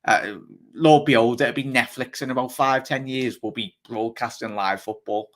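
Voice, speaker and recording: A man with a Liverpool accent hosting a live football fan show, chatting fast and rambling while reading out viewer comments. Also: mid-range voice. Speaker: fan channel host.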